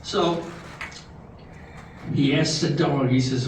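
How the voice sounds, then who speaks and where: Slow older man telling jokes in echoey hall. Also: medium pitch. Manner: slow halting delivery with many restarts. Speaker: comedian at a talent show. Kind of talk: stand-up joke telling. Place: large hall with live audience. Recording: echoey hall from far off, audience noise.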